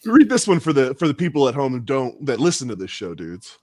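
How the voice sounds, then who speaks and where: Lively, animated man telling stories. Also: mid-range voice, fairly quick, no echo, studio quality. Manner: animated storyteller, swears freely. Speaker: podcast co-host. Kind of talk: casual podcast chat.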